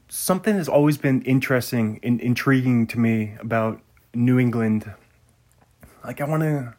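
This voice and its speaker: A man's voice: mid-range voice, darkish tone. A man hosting a podcast in casual chat, rambling and musing aloud, often trailing off mid-sentence. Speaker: podcast host.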